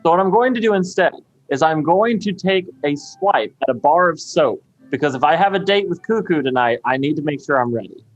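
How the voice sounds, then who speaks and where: A man with a slightly high voice joking his way through a tabletop session. He lays out his character's schemes in a dry, matter-of-fact way, with faint music underneath. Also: expressive, a little fast, few pauses, muffled recording. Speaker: player. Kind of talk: joking tabletop game chat.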